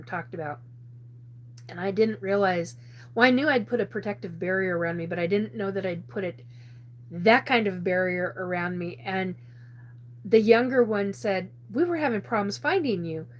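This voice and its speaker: A woman hosting a live show, telling a personal story in a rambling way with many restarts and frequent laughter. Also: mid-range voice. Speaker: host.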